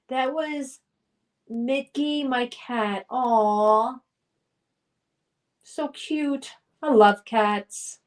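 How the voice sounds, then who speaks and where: A young woman runs a trivia quiz on a live stream, talking slowly and unhurriedly. Her voice sits fairly high. She reads out viewers' names and answers in a chatty, playful, sometimes sing-song way. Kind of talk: casual live-stream chat reading questions.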